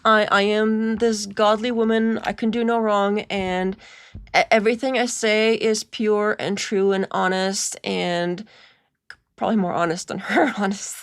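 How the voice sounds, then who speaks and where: A woman's voice: medium pitch, fairly even intonation, unhurried, clear, resonant tone, no room sound, natural voice. Woman putting on a smug pious lady voice, mocking sing-song, dry sound. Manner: sarcastic, sing-song parody.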